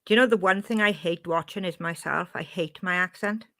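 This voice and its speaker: A woman's voice: on the low side, fairly quick, a bit bright. A woman with a Welsh accent chatting casually on a live stream, reading out and answering her chat.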